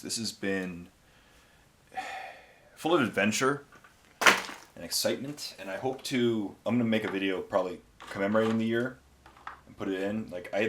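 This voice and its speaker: A man's voice: lowish voice, slight background noise. A tired man hosting a miniature-painting show at home, chatting in a rambling, offhand way. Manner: rambling, offhand, self-amused. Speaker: painting channel host. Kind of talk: casual chat while painting miniatures. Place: home, near a garage. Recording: roomy echo.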